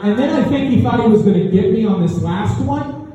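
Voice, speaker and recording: Performing stand-up in a club, a young man with a high voice tells a story, animated and a little fast, packed with fillers. A loud crowd makes it very noisy, and the recording is dull, echoey and distant.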